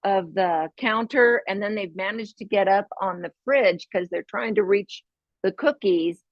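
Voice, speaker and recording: A woman's voice: medium pitch, a little slow, dry recording, dull audio. A woman hosting a parenting podcast in a casual, chatty way, often adding "right?" and laughing as she talks. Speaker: podcast host.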